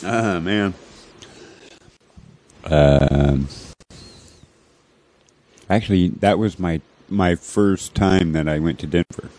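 A man with a very deep voice tells a story among friends. He stops and repeats words as he goes. It is a relaxed, casual chat. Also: takes it slowly, pauses often.

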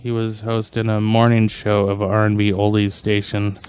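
A man's voice: fairly low pitch, monotone, moderate pace, a little mellow, clean tone. A man co-hosting a casual podcast, rambling with curious questions and reading out trivia. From US Northwest. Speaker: podcast co-host. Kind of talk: casual chat.

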